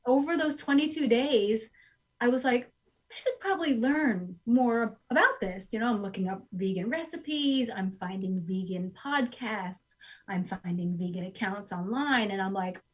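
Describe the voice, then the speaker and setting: A woman in her forties, guest on a casual podcast interview, telling her story with lively quoted asides in her own voice. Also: on the high side, normal speed. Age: 40s. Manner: animated storyteller who acts out her past self in quotes. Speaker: guest, goat sanctuary owner. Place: rural home.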